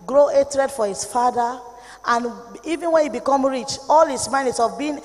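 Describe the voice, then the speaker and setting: Nigerian woman, preacher, sermon, high voice, impassioned, long hall echo. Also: expressive, a little fast. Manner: impassioned, swings between low warnings and shouted rebukes.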